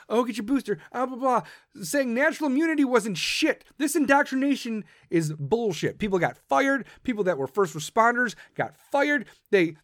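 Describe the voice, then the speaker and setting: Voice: mid-range voice, no room sound, studio quality. A podcast host delivering a profane, combative political rant.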